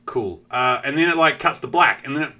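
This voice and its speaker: Male streamer, bright voice, lively pitch, casual storytelling, swears a lot. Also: a little fast. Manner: animated, swears freely, talks straight to chat.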